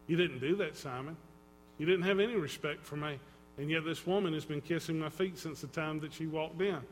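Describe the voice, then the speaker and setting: A man preaching a sermon as pastor, dramatic, swinging between loud and hushed and acting out quotes. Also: a little high, moderate pace, slight background noise. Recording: long reverb in a hall.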